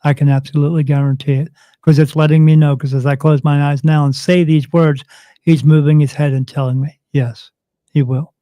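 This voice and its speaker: A man's voice: a little high, a little fast, no room sound. A man, a spirit medium guest on an interview show, telling a story and acting out the dialogue of the people in it. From United States. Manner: animated retelling, acts out quoted dialogue.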